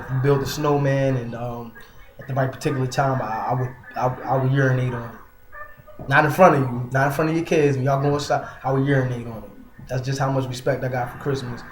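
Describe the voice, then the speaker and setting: A man giving a casual religious monologue online, soft in tone but emphatic and scolding, full of fillers like "man" and "you know". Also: mid-range voice, echoey room, noisy background. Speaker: online preacher.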